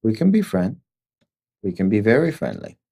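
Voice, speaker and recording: A game master voicing a menacing male secret-society envoy with a put-on Chinese accent, delivering slow, measured, veiled threats. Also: on the low side, huge pitch swings, vocal fry, mellow, husky, dry recording, clean studio sound, full character voice. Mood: smooth.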